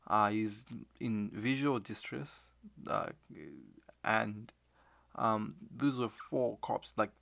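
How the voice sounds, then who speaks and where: A man with a Zimbabwean Shona accent speaks earnestly to viewers in a casual monologue, switching between languages and restarting haltingly. His voice is on the low side with vocal fry and a fairly bright tone, recorded with no room sound.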